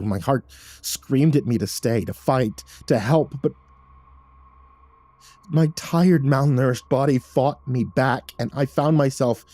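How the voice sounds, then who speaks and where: A man narrating a horror story in a measured, somber storytelling manner. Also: mid-range voice, warm tone, no room sound.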